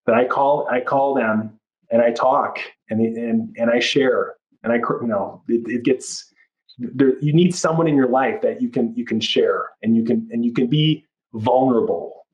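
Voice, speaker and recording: Male life coach, mid-pitched, earnest and reflective, restarts phrases as he thinks aloud. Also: normal speed, lo-fi sound. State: moved, near tears. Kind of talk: podcast interview.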